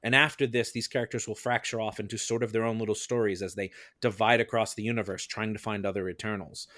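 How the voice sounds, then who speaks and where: A man with a fairly low voice lays out his argument in a calm, structured way, as if defending a case. The sound is dry and close, with no room around it. He explains patiently and keeps his points in order. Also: quick pace, no echo. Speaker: defense advocate on a mock-trial film podcast. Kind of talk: casual podcast debate.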